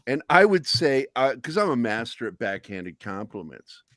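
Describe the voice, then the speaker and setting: Brief: middle-aged man, deadpan storyteller, lively pitch, dry close mic. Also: normal speed, dry recording. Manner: deadpan storyteller with dark humor. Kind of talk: casual chat.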